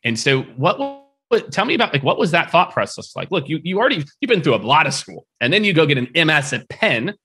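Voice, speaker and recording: A man's voice: fairly high pitch, very animated, quick pace, few pauses, pushed and bright, slightly rough, soft background music. A man hosting a podcast, asking long, rambling questions in a friendly, casual way. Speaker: podcast host. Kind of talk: casual interview.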